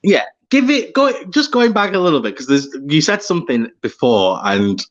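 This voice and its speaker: A man's voice: a little high, sing-song, normal speed, dull audio. A man hosting a casual podcast interview, enthusiastic and teasing his guest. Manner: enthusiastic, teasing, laughs a lot. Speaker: podcast host.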